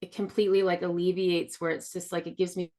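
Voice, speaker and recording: A woman's voice: fairly low pitch, little pitch movement, quick pace, warm tone. A woman speaking candidly in a casual, heartfelt podcast chat, rambling with many fillers. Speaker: podcast co-host sharing her experience.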